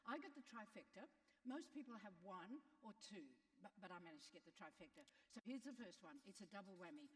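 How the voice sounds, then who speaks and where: Animated woman keynote speaker in a hall. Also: mid-range voice, brisk. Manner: animated, coaxing and playful with the crowd. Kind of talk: motivational keynote to an audience. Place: large conference hall. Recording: live hall with long reverb.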